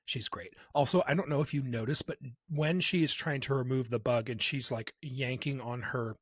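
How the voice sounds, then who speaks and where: A man co-hosting a TV review podcast in casual chat, talking expressively and jumping into squeaky impressions. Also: moderate pace, fairly bright tone, slightly rough, dry recording, studio quality. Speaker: podcast co-host.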